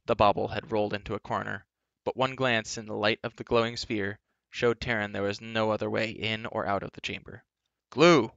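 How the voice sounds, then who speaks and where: A man reads a children's novel aloud in a lowish, gravelly voice with a bright edge. His delivery is animated and varied, and the recording is dry and dull. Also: fairly quick, no room sound. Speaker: storyteller.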